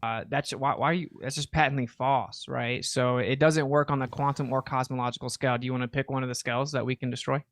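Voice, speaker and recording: A man's voice: mid-range voice, fairly even intonation, quick pace, few pauses. A man arguing sarcastically in a heated online debate, challenging his opponent.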